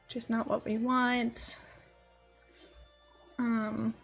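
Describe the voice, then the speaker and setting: Brief: young woman streamer, slightly high voice, chatty and giggly, faint music under her. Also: little pitch movement, drawn-out words, vocal fry. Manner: chatty and giggly, rambling to chat while building. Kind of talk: casual live-stream chat.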